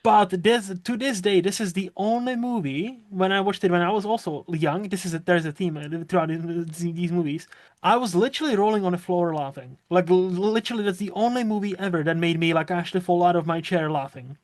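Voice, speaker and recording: A man's voice: high voice, fairly quick, dry recording. A man co-hosting a casual podcast, rambling and restarting his sentences and laughing often. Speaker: podcast co-host. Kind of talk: casual chat.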